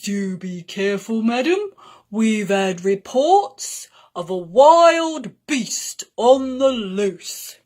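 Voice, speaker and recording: A woman voicing a loud, formal male police officer in a read-aloud storybook. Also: on the high side, expressive, extremely slow. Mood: officious.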